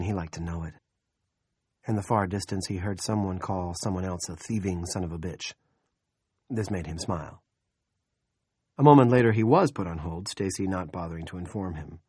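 A man narrating an audiobook in a steady, measured storytelling manner. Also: sits low, slightly rough, dry recording, clean studio sound.

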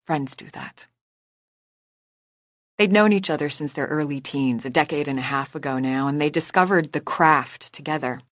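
A woman reading a novel aloud as narrator in a measured, even storytelling manner. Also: deep voice, dry recording, clean studio sound. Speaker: audiobook narrator. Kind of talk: scripted narration.

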